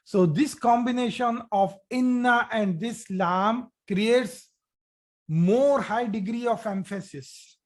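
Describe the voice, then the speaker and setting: A male teacher speaking in an unhurried, deliberate way, his voice sitting fairly high for a man. He leads an online language lesson, repeating phrases for emphasis and checking in with his students. He often restarts a sentence before finishing it. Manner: frequent restarts and "okay" check-ins. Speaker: Arabic teacher.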